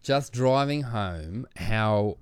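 Smooth-voiced blunt man. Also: on the low side, extremely slow. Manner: blunt and animated, swears casually. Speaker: podcast co-host, librarian. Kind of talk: casual chat.

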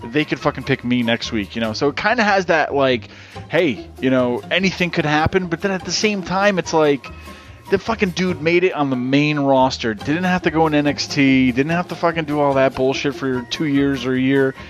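A man's voice: on the high side, moderate pace, faint music behind. A man hosting a podcast in casual chat, rambling and swearing freely. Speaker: podcast host.

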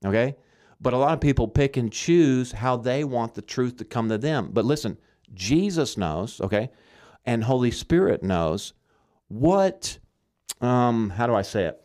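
A man's voice: medium pitch, expressive, unhurried, a little mellow. A man from Arkansas giving earnest, emphatic Christian teaching in conversation, often checking in with "okay?".

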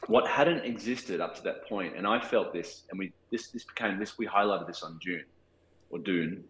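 This Australian man in his forties, a cinematographer guest, talks things through in a relaxed interview full of fillers and false starts. His voice is lowish and fairly bright, a little fast, and the low-quality recording has an echoey room plus a little hiss or hum.

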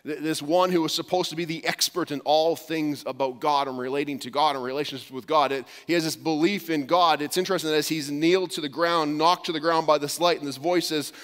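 A pastor preaching a storytelling sermon, often dropping to a hushed voice for quoted words. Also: male voice, on the high side, big-room sound.

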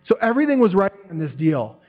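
Male speaker, slightly high voice, lively storytelling testimony, tinny humming recording. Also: quick pace. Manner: animated storytelling, acts out quotes, laughs often. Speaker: church member giving a testimony. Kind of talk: testimony talk to a church group. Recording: tinny phone-like sound with mains hum.

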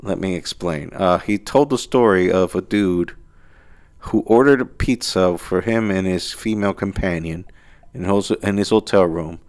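Rambling profane man, lowish voice. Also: unhurried, a little mellow, clean tone. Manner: rambling, profane, self-mocking. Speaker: podcast host. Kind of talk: casual solo monologue.

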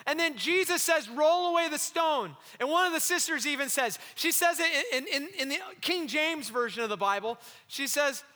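A man preaches a sermon with fervent swings between loud cries and low, hushed intensity, acting out the voices he quotes. His voice is very high and bright, and it carries a long reverb from a large hall. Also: animated, normal speed, hardly any pauses. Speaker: pastor.

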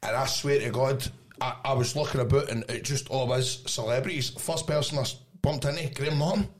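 A Scottish man co-hosting a podcast, trading quick laughing banter in casual chat. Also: medium pitch. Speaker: podcast co-host.

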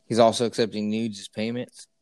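A man in casual chat, telling a story in an animated, profane way with lots of fillers. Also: on the low side, brisk, clear, resonant tone, dry recording.

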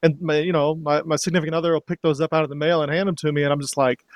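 A man's voice: on the high side, level tone, racing, dry recording. A middle-aged man from Georgia in casual conversation as a guest, rambling with many restarts and fillers, wry. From Georgia, USA.

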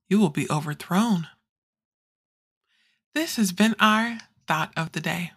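An actress playing a quirky teenage girl who reads the morning school announcements in an audio drama, with a breezy, deadpan delivery. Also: lowish voice, gravelly, husky, heavily acted. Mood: breezy announcing.

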